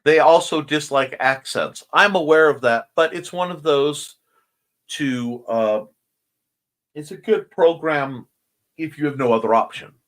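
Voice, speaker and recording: A man runs a laid-back morning livestream from a room at home, and he sounds sleepy between yawns. His voice sits a little high for a man. He rambles and jokes, greeting viewers one by one as he reads their messages. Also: measured pace, a bit bright. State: sleepy, yawning. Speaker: host of a morning livestream show. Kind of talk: casual livestream chat reading comments.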